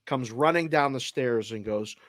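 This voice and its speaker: This Boston-accented, middle-aged host of a sports betting show tells a heartfelt family story in a casual, animated way, voicing the people he quotes. His mid-range voice is a bit bright and moves at a moderate pace, captured in clean studio sound with no echo.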